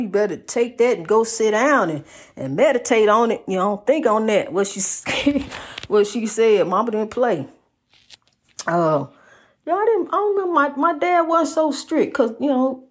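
In a husky, fairly high voice, a woman delivers a rhythmic, preachy monologue, repeating phrases and calling the listener honey. She's lively, swinging between loud and soft.

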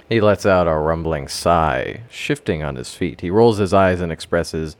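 A man narrating a dramatic first-person story in a theatrical, expressive way. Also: low-pitched, a little slow, hardly any pauses.

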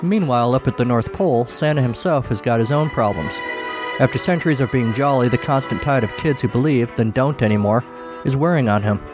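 A man narrating a scripted story as a podcast host, in a wry, measured manner. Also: mid-range voice, music in the background.

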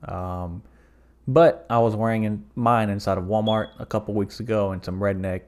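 A man's voice: fairly low pitch, fairly even intonation, normal speed, a little mellow. A young man from the southern United States hosting a comedic solo podcast, rambling through profane, jokey bits. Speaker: podcast host.

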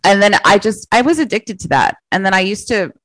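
A woman comedian in a casual interview, telling childhood stories in a chatty way, laughing often and quoting herself in lively put-on voices. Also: mid-range voice, a little fast, no room sound, poor audio. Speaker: comedian guest.

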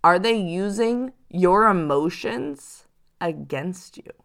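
Chatty woman with a low-ish voice. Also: takes it slowly, creaky. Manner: chatty, animated, acts out quoted hustlers. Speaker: psychic reader and show host. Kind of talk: casual advice talk to viewers.

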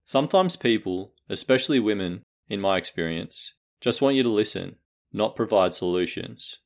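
A man's voice: lowish voice, lively intonation. Earnest man reading a book summary. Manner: measured and earnest, reading from notes. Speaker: podcast host. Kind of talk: scripted book-summary narration.

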